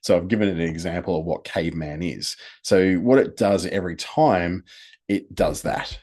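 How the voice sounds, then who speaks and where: Deep-voiced guy doing a casual screen tutorial, chatty, counts stuff out loud as he goes. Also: normal speed. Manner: chatty, explaining step by step, counts items aloud. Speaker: presenter.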